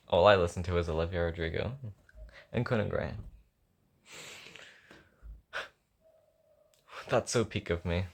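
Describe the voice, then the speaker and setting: Speaking slowly in a deep voice full of vocal fry, a young man pauses often as he works on a song at home. Nursing a sore throat, he chats casually, rambling, thinking out loud and mocking himself.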